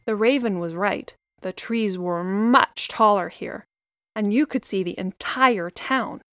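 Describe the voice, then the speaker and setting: A woman narrating a children's story in a gentle, expressive way. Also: mid-range voice, takes it slowly, dry recording, clean studio sound.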